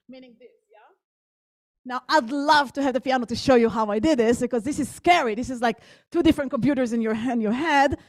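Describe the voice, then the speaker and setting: Higher-voiced woman telling a story. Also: a little mellow, no room sound. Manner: engaged, asks the audience questions. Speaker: guest speaker. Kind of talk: storytelling talk to an audience.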